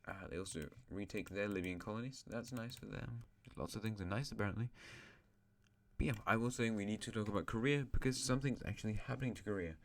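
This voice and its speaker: Very low male voice, casual map narrator, rambles and corrects himself mid-sentence. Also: quick pace, creaky. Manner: rambling, self-correcting, joking asides. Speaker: host of a map series.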